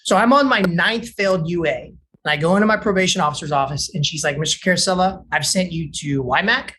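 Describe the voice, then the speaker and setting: A man's voice: sits high, fast, a little hiss or hum. A man from Texas, a counselor in addiction recovery, tells his story in a loose, chatty way. He jumps his voice up and down to act out what others said, and he stumbles into restarts and fillers as he goes. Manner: animated storytelling, acting out quoted voices.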